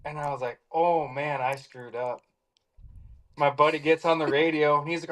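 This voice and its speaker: A man telling a hunting story in a casual, lively way, acting out the lines he quotes. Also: on the high side, brisk. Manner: animated, acts out quoted lines. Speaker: hound hunter telling a story.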